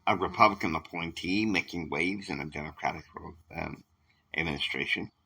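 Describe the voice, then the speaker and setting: A man voicing a political adviser in an amateur role-play, who speaks in a hushed, placating way to calm an argument. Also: low voice, moderate pace, vocal fry, breathy edge, pitched below the performer's own voice, exaggerated voice, rough recording. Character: soft-spoken male political adviser, calm peacemaker.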